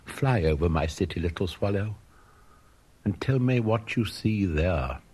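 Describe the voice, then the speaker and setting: A noble, sorrowful statue of a prince from a storybook, as a man plays him. His low, husky voice is gentle yet commanding. Quiet and grave. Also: expressive, a little slow, heavily acted.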